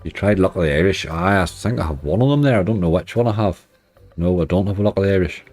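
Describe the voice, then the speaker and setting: This slot streamer has a deep, slightly mellow voice and talks fast and animatedly. On his late-night slots live stream he chats casually, says hello to viewers and laughs frequently while soft music plays.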